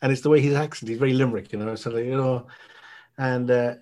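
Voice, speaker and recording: An Irish man chatting on a podcast, animated and laughing, mimicking other people's voices, a little out of breath. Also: medium pitch, normal speed, long pauses. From Ireland. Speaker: guest. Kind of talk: casual podcast chat.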